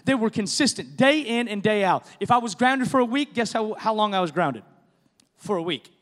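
A middle-aged male pastor preaching with passion, his voice sitting very high for a man. It rings out through a large hall with a long reverb behind it. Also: lively intonation, moderate pace. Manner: impassioned preaching, rising to shouts. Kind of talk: sermon.

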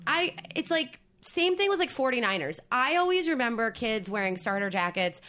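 A woman with a bright, slightly high voice rattles on as a podcast co-host. Her talk is loose and profane, crowded with fillers and restarts, and she shifts from topic to topic in easy casual chat. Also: normal speed. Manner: animated, profane, rambling with many fillers.

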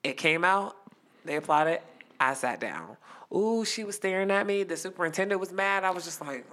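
A young man tells a story as a guest. His voice is bright and forceful, and he acts out every quote with animated flair. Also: high voice, moderate pace. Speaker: guest performer. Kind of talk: casual storytelling.

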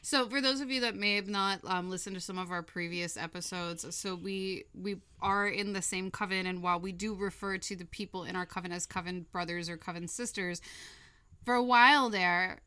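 A woman's voice: on the low side, steady tone, normal speed, sharp tone, clear, resonant tone. A woman co-hosting a casual podcast chat, sleepy but laughing and swearing casually. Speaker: podcast co-host.

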